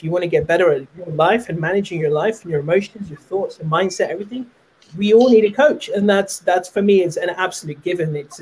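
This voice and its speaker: Male podcast host, husky and high-pitched, rambling casual chat. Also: poor audio. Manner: rambling, many fillers.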